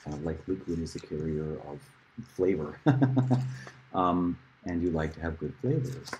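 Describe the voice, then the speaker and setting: Deep low guy teaching music at a board, dark mellow tone, rambly with loud bursts, faint room hum. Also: lively intonation, unhurried, poor audio. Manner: rambling, swings between loud emphasis and murmured asides. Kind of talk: casual whiteboard lesson.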